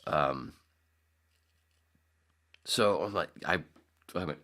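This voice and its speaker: A man's voice: low-pitched, steady tone, moderate pace, long pauses, a bit bright. A man hosting a podcast, telling a story in casual chat, rambling with frequent restarts and self-corrections. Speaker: podcast host.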